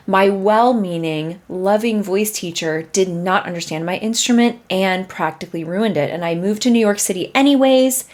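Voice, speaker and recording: A chatty woman hosting her own podcast about singing, talking straight to her listeners. Her pitch swings widely as she slips into quick impressions of doubtful students and laughs along the way. She sits at a middling pitch for a woman. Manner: animated and chatty, laughs often; acts out students' doubting thoughts. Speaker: voice teacher and podcast host. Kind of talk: casual solo podcast talk.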